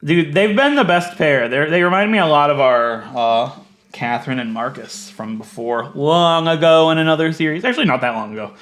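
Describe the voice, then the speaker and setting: A man giving casual gameplay commentary, chatty and thinking aloud, swinging from low muttering to loud mock outrage. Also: expressive, normal speed. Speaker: let's play gaming creator.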